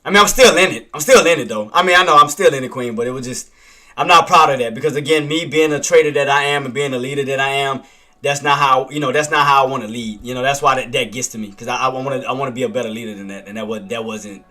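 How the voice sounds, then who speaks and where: Bright-voiced man, self-critical trading streamer. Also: mid-range voice, steady tone, quick pace, faint music behind. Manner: self-critical, repeats himself, talks to chat by name. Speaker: day trader and livestreamer. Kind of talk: live trading commentary with chat.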